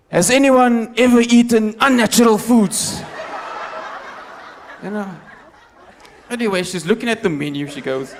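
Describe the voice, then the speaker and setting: A man's voice: high-pitched, slow, creaky, long pauses. A man with a South African accent doing a stand-up comedy set, telling stories and acting out the people in them. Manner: animated storytelling, acting out quoted characters.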